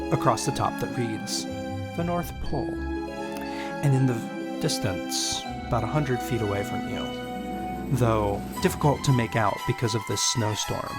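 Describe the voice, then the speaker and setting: Male game master, rambling descriptive narration, mid pitch, strong music bed. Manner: descriptive, meandering narration full of ums. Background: loud background music.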